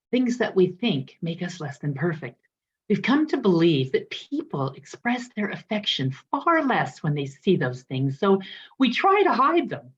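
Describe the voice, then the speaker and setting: A woman minister telling a parable in a sermon, expressive and lively in the way she voices its characters. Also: fairly low pitch, slightly rough, muffled recording. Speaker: guest minister. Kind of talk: sermon storytelling.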